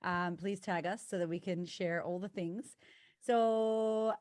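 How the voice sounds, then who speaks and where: An American woman who coaches women on confidence, talking as a podcast guest, effusive, swearing, with bursts of excitement. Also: on the low side, slow, dry recording, clean studio sound. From United States. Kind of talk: casual podcast interview.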